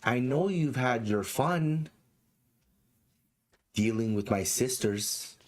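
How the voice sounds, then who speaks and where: A menacing old hag, sister to other witches, calls out across a doomed town in a raised, drawn-out voice, as a man puts her on over a low natural register. She proclaims rather than speaks, slow and taunting, savouring every threat in a tabletop fantasy game. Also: expressive. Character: menacing elderly female hag villain.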